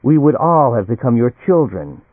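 A man voicing a grim, withdrawn male colonist who talks flatly and curtly. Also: medium pitch, normal speed, slightly rough, no room sound. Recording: dry, tinny phone-like audio.

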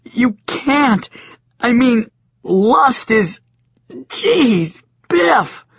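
A man voicing a flustered, squeamish young man who stammers out high exclamations. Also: unhurried, fairly bright tone, slightly rough, dry recording. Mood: shocked. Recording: dull, lo-fi audiobook sound.

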